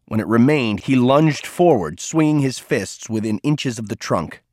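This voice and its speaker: A man reads a novel aloud at a steady, measured pace, like a polished audiobook. His voice sits mid-range for a man. The recording is dry and close, with no room sound. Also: medium pitch, dry recording. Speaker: narrator. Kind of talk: scripted audiobook narration.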